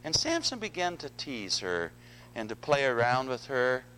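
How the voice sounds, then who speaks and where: Male pastor preaching, earnest, stumbles and repeats, middle pitch. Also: wildly swooping pitch, normal speed, bright, forceful tone, a little hiss or hum, low-quality recording. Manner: earnest, repeats words, addresses congregation. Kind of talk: sermon.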